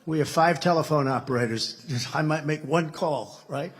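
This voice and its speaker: Speaking at a moderate pace in a voice on the high side, a US man in his seventies gives a political keynote, wandering through stories crowded with repeated superlatives. A little hiss or hum is present.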